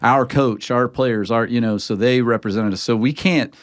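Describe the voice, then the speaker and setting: A pastor in a casual podcast conversation, talking earnestly and with emphatic, preaching-style rhythm. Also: male voice, medium pitch, normal speed, no echo, studio quality.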